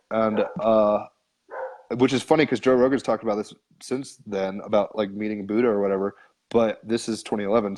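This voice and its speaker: Guy with a lowish voice rambling thru a story, says like a lot, swears casually, podcast guest. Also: darkish tone. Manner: rambling, filler-heavy, frequent "like", casual swearing.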